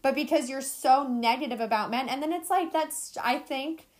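A woman's voice: sits high, normal speed. A young woman co-hosting a casual podcast chat, talking animatedly and acting out quoted voices. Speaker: podcast co-host.

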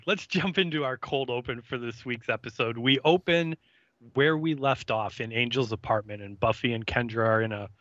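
A man co-hosting a podcast, recapping an episode in a relaxed, halting way with fillers. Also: medium pitch, dry recording, dull audio. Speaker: podcast co-host. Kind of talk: casual recap chat.

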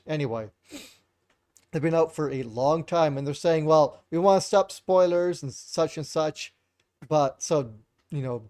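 A man with a somewhat high voice recaps news on a casual podcast call. He talks loosely, with plenty of fillers between points. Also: a little mellow. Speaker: podcast co-host. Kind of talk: casual chat.

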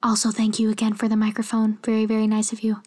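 A woman whispering playful, chatty asides between recording takes. Her voice sits fairly high. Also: monotone, fast talker, a little mellow. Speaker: voice actor.

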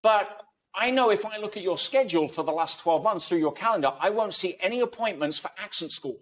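A man's voice: sits high, animated, fairly quick. A man speaking as an interview guest, making emphatic points with analogies and rhetorical questions. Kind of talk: conversational interview.

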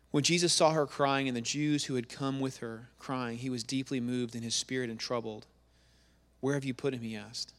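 A man's voice: mid-range voice, fairly bright tone, in a large hall. A man preaching a sermon, reading scripture verses aloud and repeating words for emphasis.

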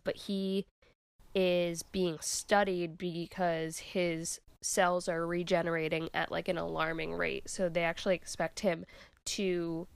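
A woman's voice: lowish voice, creaky, clean tone, no room sound. A woman co-hosting a podcast, casually recapping a TV episode in a chatty, filler-heavy way. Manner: chatty, filler-heavy retelling with 'like' and 'um'. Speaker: podcast co-host.

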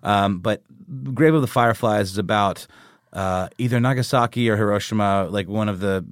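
Man, lowish voice, earnest rambling podcast talk, dry close sound. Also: moderate pace, no echo. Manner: earnest, enthusiastic, rambling with fillers. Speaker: podcast co-host. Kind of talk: casual chat.

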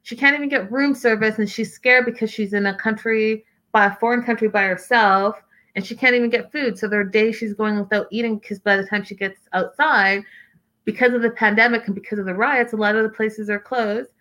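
A woman hosting a casual show, chatting in an animated, gossipy way and talking straight to her listeners. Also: fairly high pitch, fairly quick. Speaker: podcast host recapping a reality show. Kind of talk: casual chat.

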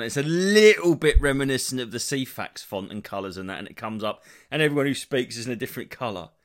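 A man, hosting a solo comedy podcast and rambling sweary stories with lots of restarts. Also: mid-range voice. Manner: rambling, sweary, animated storytelling. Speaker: podcast host.

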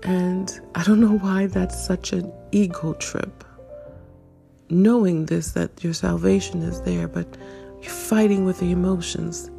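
A woman in her fifties hosting a reflective solo monologue, searching and questioning herself, with soft laughs. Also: lowish voice, level tone, measured pace, vocal fry, faint music behind. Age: 50s. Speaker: podcast host.

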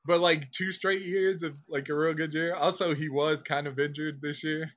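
Bright-voiced, laughing male co-host. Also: on the high side, steady tone, moderate pace. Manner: rambling, laughs often. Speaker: podcast co-host. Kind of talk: casual chat.

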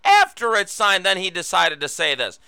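A man's voice: high voice, huge pitch swings, normal speed, gravelly, pushed and bright, clean tone, no echo. A man hosting a political talk show, giving combative, sarcastic commentary and mocking his opponents.

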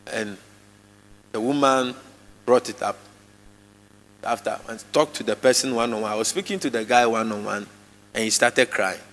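Emphatic preacher in a reverberant hall. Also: male voice, moderate pace, pauses often. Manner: emphatic, with sudden swings in pitch and loudness; repeats phrases for emphasis. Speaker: pastor. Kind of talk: live sermon. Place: church hall with congregation. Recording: long reverb of a large church hall.

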